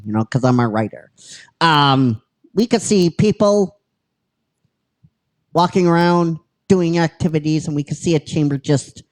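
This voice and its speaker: A podcast host telling a story in a casual, halting way, with many fillers and restarts. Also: medium pitch, a little mellow. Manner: chatty and self-deprecating, swears casually. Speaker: podcast host pitching episode ideas.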